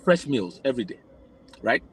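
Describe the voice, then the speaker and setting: A man's voice: medium pitch, big pitch swings, moderate pace, a bit bright, husky, low-quality recording. A man from Nigeria, a podcast guest, explaining his views at length in a reflective way, often restarting his sentences. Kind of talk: casual podcast conversation.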